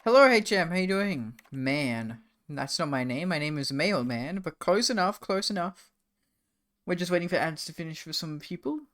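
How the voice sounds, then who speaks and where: A streamer reacting to a video game live, talking casually and swearing a lot. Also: male voice, on the high side, lively intonation, moderate pace, a bit bright. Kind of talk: live gameplay commentary. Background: game music.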